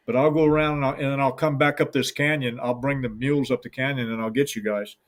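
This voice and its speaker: A man's voice: medium pitch, steady tone, quick pace. A middle-aged man who guides hunts with hounds, telling a long story in an interview in a folksy, rambling way and acting out the voices of the people in it.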